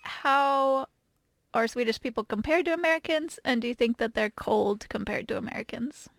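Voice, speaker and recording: A woman's voice: a little high, moderate pace, creaky. A woman hosting a casual chat, telling stories in a chatty way and asking her guest questions. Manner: chatty storyteller, acts out quotes.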